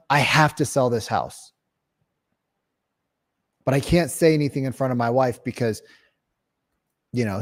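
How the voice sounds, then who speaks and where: A man giving an energetic real estate sales training talk, acting out calls and clients and swearing casually. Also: a little high.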